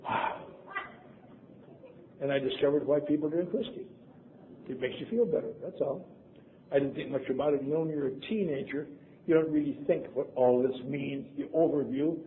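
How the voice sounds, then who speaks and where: A man's voice: fairly high pitch, a little fast. Wry older man telling his story on a lo-fi tape. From Wisconsin, USA. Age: 70s. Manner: wry, self-mocking, acts out quoted voices. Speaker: convention speaker. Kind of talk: personal storytelling talk. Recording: lo-fi tape, phone-like, faint hiss.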